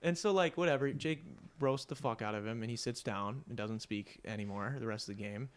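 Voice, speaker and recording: A man's voice: mid-range voice, fairly quick, clear, resonant tone. A young man hosting a podcast, telling a story in a casual, profane, rambling way with constant "like" fillers. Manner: profane, rambling, heavy use of "like". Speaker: podcast host.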